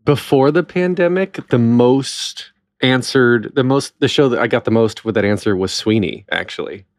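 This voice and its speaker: A man's voice: medium pitch, moderate pace, no room sound, studio quality. Chatty, enthusiastic male podcast host. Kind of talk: casual interview chat.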